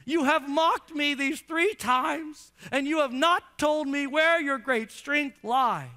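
A scheming biblical woman who reproaches her lover in slow, drawn-out, pleading words, put on by a male preacher. The voice stays high and bright. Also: exaggerated voice. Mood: reproachful.

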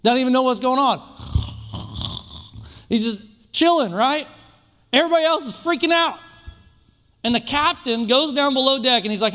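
A man preaching a sermon in a church, emphatic and repetitive, building phrases up toward shouts. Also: very high voice, lively intonation, normal speed, pauses often, big-room sound. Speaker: pastor. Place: church sanctuary.

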